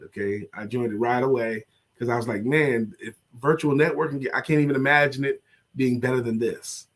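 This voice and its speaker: Sick guy co-hosting a chat show, slow, soft and worn out, everyday middle pitch. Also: fairly even intonation. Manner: slow, tired, soft-spoken. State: sick, low energy, recovering from covid. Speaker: co-host of a motivational show. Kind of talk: casual chat.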